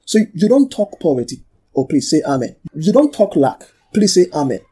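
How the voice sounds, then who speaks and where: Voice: mid-range voice, very animated, normal speed, dark tone, breathy edge. A pastor preaching and teaching from the Bible, repeating key phrases for emphasis, calling for amens and asking the congregation to read aloud. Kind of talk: sermon and Bible study.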